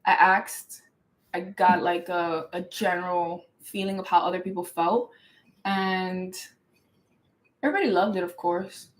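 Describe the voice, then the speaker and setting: A woman's voice: fairly low pitch, low-quality recording. A young woman hosting her own show, telling a story in a casual, emphatic monologue with lots of "like" fillers. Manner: emphatic and animated, talks fast, many "like" fillers. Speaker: show host.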